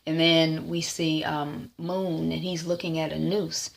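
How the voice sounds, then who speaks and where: A woman's voice: deep voice, level tone, unhurried, vocal fry. A woman giving a casual TV episode recap, retelling scenes loosely with lots of ums and "is like.". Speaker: TV recap vlogger.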